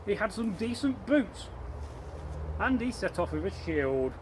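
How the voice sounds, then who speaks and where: A man telling an old folktale aloud to listeners, lively and rambling, correcting himself as he goes. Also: high voice, a little slow, noisy background. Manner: speaks to listeners, points to props. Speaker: storyteller. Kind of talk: live oral folktale telling.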